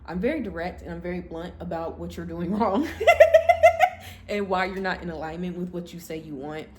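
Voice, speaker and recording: A young adult woman hosting a podcast, telling a personal story in a candid, blunt and expressive way. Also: on the low side, brisk, background noise. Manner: blunt, expressive, animated when quoting herself. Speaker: podcast host.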